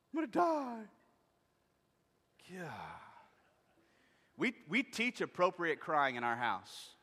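A man in his thirties preaching a sermon, lively and joking, acting out voices as he speaks. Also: sits high. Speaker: pastor. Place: church sanctuary. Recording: long hall reverb.

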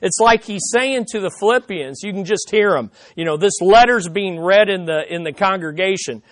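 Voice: mid-range voice, moderate pace, no room sound. A pastor preaching a sermon in an emphatic, conversational way, repeating key points and asking the listeners questions.

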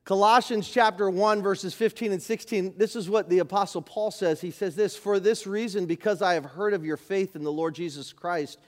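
A man preaching a sermon as pastor, animated, moving from loud emphasis to quiet asides. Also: high voice, normal speed, hardly any pauses. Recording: live church service.

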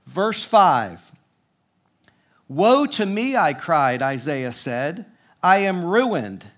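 A man preaching a sermon, reading scripture aloud and commenting with emphatic declarations. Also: high voice.

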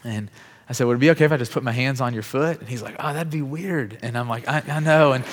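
Guy preaching a story, chatty, acts out the dialogue, mid-pitched voice, big hall echo. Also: fast talker. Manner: lively storyteller who acts out quoted dialogue; conversational, casual fillers like "like" and "bro". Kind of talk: sermon testimony storytelling. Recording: long reverb of a large hall.

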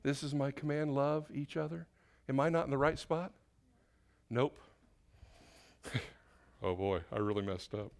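A man's voice: mid-range voice, unhurried, creaky, long pauses. A male pastor preaching an informal sermon to a church congregation, correcting himself often and putting questions to the room. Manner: off-the-cuff, self-correcting, asks the congregation questions. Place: church sanctuary.

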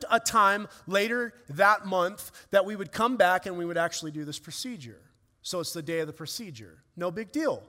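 High-voiced pastor preaching in a reverberant church. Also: male voice, pushed and bright. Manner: earnest storytelling, emotional swells. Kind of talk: sermon with personal story. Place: church hall. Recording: long reverb of a church hall.

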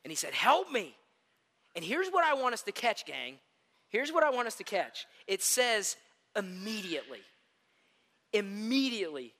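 A man preaching a sermon as pastor, an animated storyteller who calls his listeners gang. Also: high-pitched, long reverb tail.

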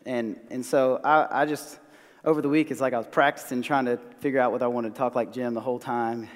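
Hoarse male preacher, Southern American accent, conversational and self-deprecating, mid-range pitch, long reverb. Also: fairly even intonation, a little fast. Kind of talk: sermon. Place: church sanctuary.

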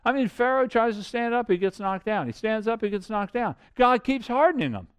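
A man preaching a sermon, animated, asking rhetorical questions and swinging between loud and quiet. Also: sits high, a little fast, smooth. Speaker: pastor.

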